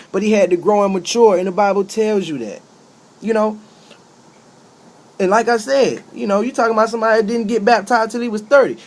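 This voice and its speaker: Preachy man with high, emphatic voice. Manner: preachy and repetitive, with emphatic rising outbursts. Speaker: street preacher giving a talk. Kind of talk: impassioned spoken monologue.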